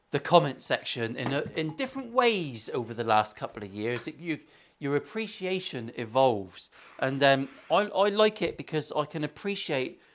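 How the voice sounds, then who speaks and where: A man with an English accent, talking through a guitar build in his workshop with crude jokes and a lot of swearing. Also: on the high side. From England. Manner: crude, swearing, joking asides. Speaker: luthier. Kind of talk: workshop vlog banter.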